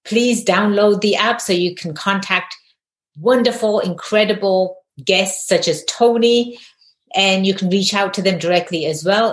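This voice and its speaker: A woman's voice: mid-range voice, a little slow. A woman hosting a podcast interview in an upbeat way, laughing often. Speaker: podcast host and attorney. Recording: roomy echo.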